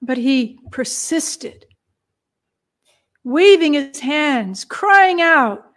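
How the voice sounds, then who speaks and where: High-voiced woman telling a Bible story. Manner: expressive, with hushed moments and long pauses.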